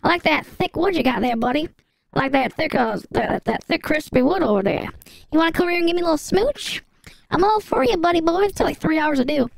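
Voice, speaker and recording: Leering high-voiced flirt, put on by a man, quick and crackly. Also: animated, creaky, full character voice. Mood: flirty. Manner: leering, teasing come-ons.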